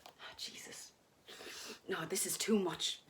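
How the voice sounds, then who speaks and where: A woman voicing a frightened young Irish wife with a Dublin accent, her lines often breathy and whispered. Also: on the low side, steady tone, takes it slowly, fairly bright tone. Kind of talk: dramatic story reading.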